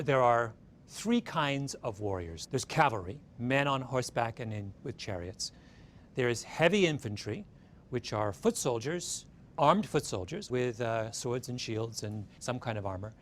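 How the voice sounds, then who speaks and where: A man retelling an ancient tale in a talk, his pitch swinging widely as he builds the tension. He keeps tossing "right?" to his listeners. A faint low rumble sits under his voice. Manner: animated, keeps checking in with "right?". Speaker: speaker retelling a story. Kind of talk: storytelling talk.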